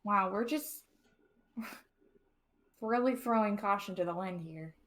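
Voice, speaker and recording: A woman's voice: mid-range voice, unhurried, a bit bright. Player: woman, wry and joking, casual table chat.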